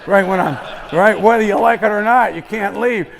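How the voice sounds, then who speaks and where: High, gravelly keynote storyteller. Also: male voice, moderate pace. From Indiana. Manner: punchy storytelling, jumps from hushed asides to loud outbursts. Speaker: motivational speaker. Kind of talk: keynote speech. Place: conference stage before a live audience.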